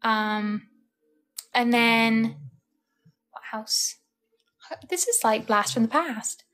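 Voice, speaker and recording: A woman's voice: a little high, very slow, a bit bright. A young woman chatting casually on a live stream, rambling and laughing often. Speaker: livestreamer.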